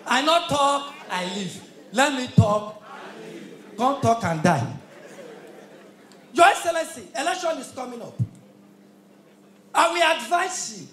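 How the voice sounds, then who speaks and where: A man's voice: very high-pitched, animated, a little slow, long pauses. A Nigerian man doing stand-up comedy as an MC, belting punchy lines and humming between them at a live event. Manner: punchy, shouted lines with hums and laughs between. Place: live event hall with audience. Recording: echoey hall, crowd noise.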